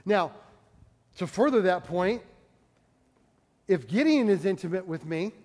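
A middle-aged man preaching a sermon with passion, dropping to a hush for quoted words. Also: high-pitched, expressive, measured pace, long reverb tail. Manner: impassioned preaching, dropping to hushed tones for quotes. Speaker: pastor.

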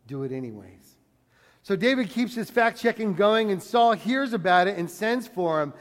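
A man's voice: sits high, normal speed. A man in his forties preaching a sermon, telling stories and acting out the voices of the people in them. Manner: animated storyteller acting out voices. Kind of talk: sermon with storytelling. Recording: long reverb of a hall.

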